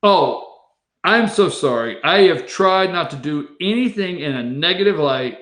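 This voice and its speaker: A man hosting a political commentary monologue, sarcastic and rambling with quick asides. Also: on the high side, lively intonation, fairly bright tone, echoey room. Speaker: host.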